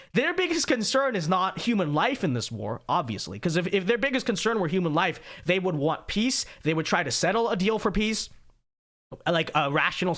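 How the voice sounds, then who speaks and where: A man's voice: fairly high pitch, fairly bright tone. A man hosting a political commentary livestream, talking in a sarcastic, mocking way with joking asides. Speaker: host.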